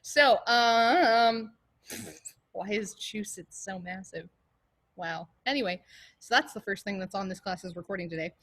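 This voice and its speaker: A woman leading an online choir class and warm-ups, talking casually and jokily with lots of fillers over a video call. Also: medium pitch, measured pace. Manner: casual, joking, chatty with many fillers.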